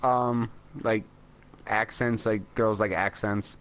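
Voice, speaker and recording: A man's voice: fairly low pitch, steady tone, takes it slowly, fairly bright tone. American man co-hosting, rambling casual chat. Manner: rambling, lots of "like" and "you know", frequent laughs. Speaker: podcast co-host.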